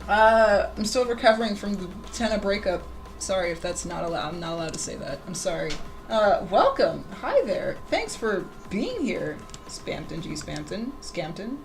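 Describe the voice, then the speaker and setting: A woman drawing fan art on a casual livestream, chatting with viewers in an excitable, giggly way. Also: mid-range voice, moderate pace, gravelly, faint music behind, poor audio.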